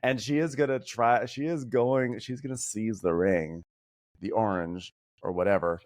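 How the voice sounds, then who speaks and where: A man guesting on a podcast, chatting about reality TV in an animated, opinionated way and mimicking people he quotes. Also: fairly low pitch, moderate pace. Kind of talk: casual pop-culture chat.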